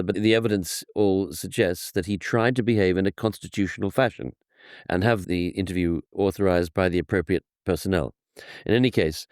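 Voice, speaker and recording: A man speaking as a historian guest, explaining at length in animated storytelling, often restarting his sentences. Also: deep voice, dry recording, clean studio sound. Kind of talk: conversational explanation.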